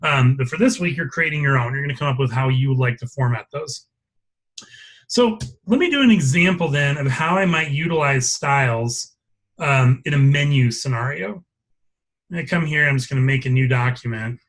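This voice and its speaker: Leading a live class, a male instructor walks through a software demo step by step, pausing to check for questions. He speaks at a medium pitch.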